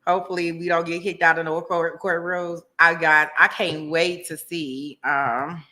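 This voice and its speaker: A woman's voice: lowish voice, flat delivery, normal speed, pushed and bright. A woman hosting a casual livestream, reading out viewer comments, laughing often and chatting to her viewers in a slangy, easygoing way. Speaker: livestream host.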